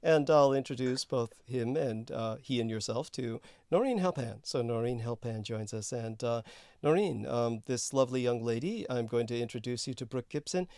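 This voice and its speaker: A man hosts a loose, rambling call-in talk show, pausing and stumbling over fillers as he goes. His voice has a gravelly, fry-laden edge at a middling pitch. The sound is dry and close, with no room around it. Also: dark tone, no room sound. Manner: halting, filler-heavy, slips into a put-on crooning sweet-talk voice. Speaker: show host. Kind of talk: rambling casual call-in chat.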